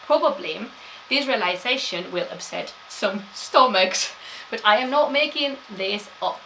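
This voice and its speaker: A woman's voice: medium pitch, expressive, unhurried, pushed and bright, slight background noise, rough recording. A woman gives a chatty live-streamed history talk, laughing often and answering chat.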